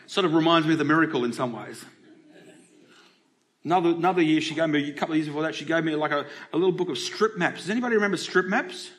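A middle-aged man with an Australian accent preaches in church, his voice sitting a little high for a man. He keeps it conversational, throwing questions out to the congregation as he goes. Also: fast, fairly bright tone. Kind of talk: sermon.

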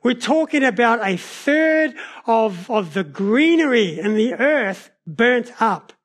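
Speaking slowly and in a strikingly high voice, a preacher from New Zealand weaves personal stories into his sermon. His storytelling is animated, with changes in pace and volume throughout.

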